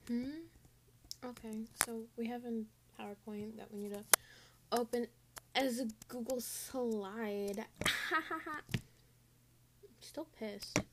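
A woman's voice: fairly high pitch, slow, long pauses, very noisy. A teenage girl in a casual vlog, ranting in an exasperated, sarcastic way about her online class. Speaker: student vlogger.

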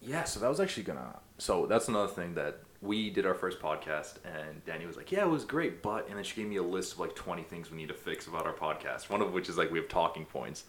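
Young guy, very low voice, rapid laid-back podcast banter. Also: fairly bright tone, slight background noise. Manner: laid-back, swears freely, laughs often. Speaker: podcast co-host. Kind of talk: casual chat.

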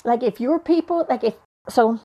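A middle-aged woman with a slightly high voice hosts a motivational podcast. She speaks straight to her listeners, fired up, blunt and profane, like a preacher. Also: normal speed, warm tone. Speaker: podcast host.

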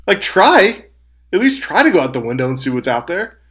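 Sarcastic young man, lively pitch. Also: fast. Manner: sarcastic, swears freely, does mocking voices. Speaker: podcast co-host. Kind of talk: casual chat.

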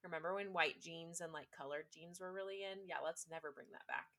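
A young woman in casual conversation, talking with a bright, forward tone. She retells scenes in a lively storytelling manner, slipping into the voices of the people she quotes. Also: fairly low pitch, brisk. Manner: chatty storytelling, acts out quotes. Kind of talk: casual chat.

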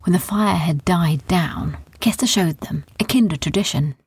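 A woman telling a children's bedtime story in a calm, soft, descriptive way. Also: lowish voice, unhurried, husky.

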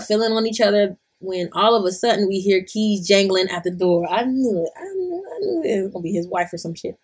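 An Atlanta-based young woman hosts a podcast, reading a listener's story aloud and reacting bluntly with free swearing. Her voice is medium in pitch and slightly rough.

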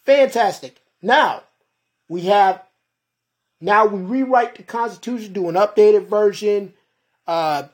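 A woman's voice: mid-range voice, slow, long pauses, darkish tone. A woman podcast host delivering a heated, profane monologue and calling her listeners "folks". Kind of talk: ranting monologue.

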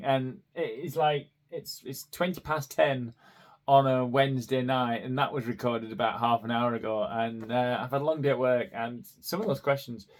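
A man hosting a personal podcast, rambling and chatty, correcting himself as he goes. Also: medium pitch. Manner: rambling, chatty, with frequent ums and self-corrections. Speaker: podcast host. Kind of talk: casual personal podcast monologue.

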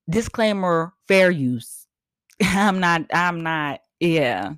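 A woman hosts a podcast as a casual ranting monologue, blunt and profane, repeating herself for emphasis. Her lowish voice has lively intonation and a fairly bright tone, and she speaks extremely slowly. The recording is clean studio sound with no room noise.

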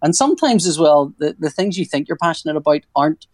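The dry recording captures a man in his forties with a slightly high voice, talking fast and animatedly. A comic artist, he rambles through a casual interview, cutting himself off and joking around.

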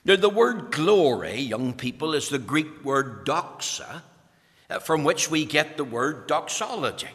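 A man's voice: fairly high pitch, animated, measured pace, fairly bright tone. A man preaching a sermon, fervent and rising to urgent emphasis. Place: church. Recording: long church reverb.

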